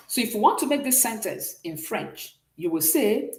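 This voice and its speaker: A woman teaches a beginners' French lesson, her voice rising and falling as she explains each point. She pauses often to ask whether the students follow. The recording has the echo of a bare room. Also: a little high, very animated, a little hiss or hum. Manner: explanatory, checks understanding often. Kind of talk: classroom lesson.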